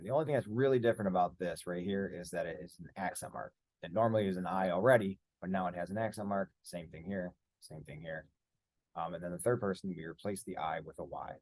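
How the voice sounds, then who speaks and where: Male language teacher, lowish warm voice, patient step-by-step explainer for a screen lesson. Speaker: Spanish teacher. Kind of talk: screen-share grammar lesson.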